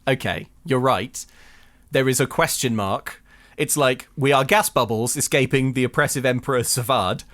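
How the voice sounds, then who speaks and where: A man co-hosts a podcast in a casual, playful way, riffing and building silly bits. His voice sits at an ordinary mid pitch for a man. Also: moderate pace, a bit bright. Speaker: podcast co-host. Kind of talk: casual chat.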